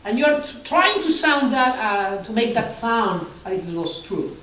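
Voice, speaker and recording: A conference speaker giving a live talk to an audience, animated and acting out quoted dialogue with humor. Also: mid-range voice, unhurried. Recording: roomy, distant hall recording with faint noise.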